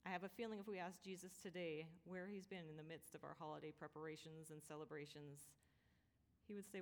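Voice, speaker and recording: Woman, pastor, sermon, low pitch, gentle storytelling, echoing hall. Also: steady tone, brisk. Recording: long reverb of a large hall.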